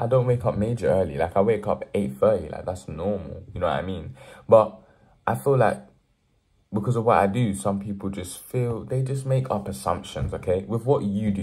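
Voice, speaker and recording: A man's voice: fairly low pitch, warm tone. A young man talking straight to the camera in an earnest motivational vlog, preaching hard work and building to emphatic pushes. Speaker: motivational vlogger. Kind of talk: direct-to-camera motivational talk.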